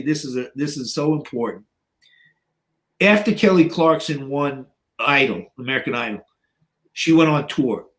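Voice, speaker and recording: A mid-range, fairly bright voice comes from a man in his sixties guesting on a podcast. His casual stories are blunt and full of profanity, with frequent "you know" fillers and performed quotes from other people.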